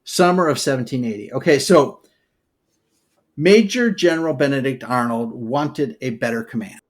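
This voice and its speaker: A man co-hosting a podcast, telling history as a loose, animated story, full of "okay" and "all right" asides. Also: mid-range voice, moderate pace. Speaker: podcast co-host. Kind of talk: casual storytelling chat.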